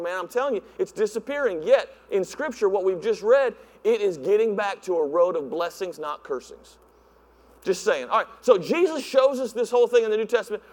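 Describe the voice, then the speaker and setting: A male pastor preaching in a church, animated and acting out voices with laughs. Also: sits high. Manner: animated, acts out voices, laughs at own jokes. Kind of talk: sermon. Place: church sanctuary. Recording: long hall reverb.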